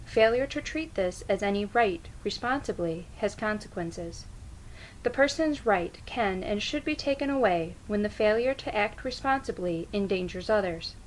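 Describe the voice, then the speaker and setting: A woman gives a prepared persuasive speech in a mid-pitched voice. She reads out figures and claims in a measured, even way. A faint hiss sits under the recording. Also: low-quality recording. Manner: measured, reads out statistics evenly. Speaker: student speaker.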